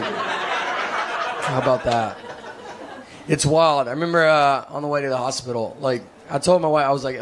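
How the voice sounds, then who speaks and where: A man from Tennessee, doing self-deprecating stand-up comedy in a deadpan way on a stage. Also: mid-range voice, normal speed, background noise. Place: comedy stage with a live audience. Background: audience laughter.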